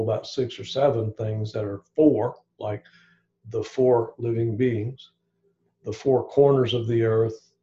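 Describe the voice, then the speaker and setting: A man's voice: medium pitch, warm tone, highs cut off. A man giving an informal evening Bible study, thinking aloud with frequent restarts and asides.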